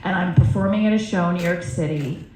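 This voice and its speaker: A woman in her forties doing a stand-up set, telling stories in a brash, profane, animated way on a comedy club stage. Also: lowish voice, fast, a little hiss or hum. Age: 40s. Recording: roomy live club sound.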